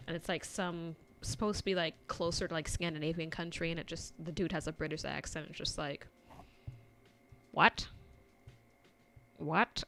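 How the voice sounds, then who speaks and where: Low gravelly young American woman rambling. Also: fairly even intonation, brisk, hardly any pauses, fairly bright tone, soft background music. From United States. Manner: rambling, chatty, filler-heavy. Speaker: painting vlogger. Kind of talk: casual chat while painting. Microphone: desk microphone on a stand.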